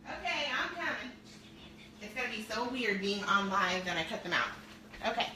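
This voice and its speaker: A woman's voice: mid-range voice, normal speed, noisy background. A middle-aged woman chatting to viewers on a live stream from her home, a weight-loss coach in an upbeat, talkative manner.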